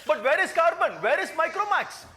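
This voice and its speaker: Fast, high-voiced Indian man arguing. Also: expressive, over a noisy crowd. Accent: Indian English. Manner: insistent, talks over the host. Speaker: debate panelist. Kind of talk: heated TV debate argument.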